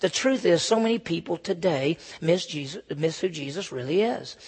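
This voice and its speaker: A man's voice: on the high side, lively intonation, normal speed, darkish tone, slightly rough. A male pastor preaching an expository sermon to his congregation, emphatic and repeating key phrases. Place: church with a congregation.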